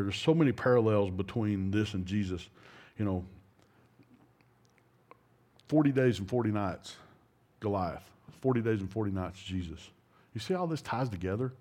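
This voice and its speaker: Folksy preacher, low voice. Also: male voice, warm tone. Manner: folksy, rambling, with many restarts and asides. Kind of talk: informal sermon.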